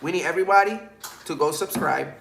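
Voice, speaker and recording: A man's voice: a little high, fast, creaky, fairly bright tone, roomy sound, a little hiss or hum. A man co-hosting a casual livestream, hyped and promoting, joking along. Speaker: livestream co-host.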